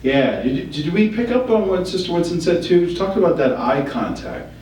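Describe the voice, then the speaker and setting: A man's voice: a little high, sing-song, normal speed, darkish tone, slight background noise. Male trainer, questioning and encouraging, recorded far off in an echoey room. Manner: coaching, asks the group questions. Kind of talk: group training session.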